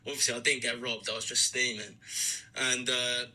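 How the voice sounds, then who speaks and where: British male podcast host, very bright voice, comic storyteller. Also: mid-range voice, moderate pace, low-quality recording. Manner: lively comic storytelling with laughs. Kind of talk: reading out a listener's story.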